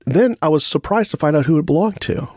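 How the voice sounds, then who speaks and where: Animated storytelling man, dry close sound. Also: fairly high pitch, fast, no echo. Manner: animated storyteller, acts out quotes, laughs often. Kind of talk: casual storytelling chat.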